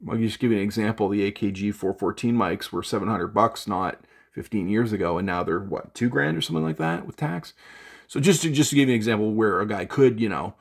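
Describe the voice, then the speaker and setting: A man's voice: lowish voice, expressive, a little fast, gravelly. A man venting in an unscripted vlog from his home studio, rambling with fillers and restarts. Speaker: gear vlogger.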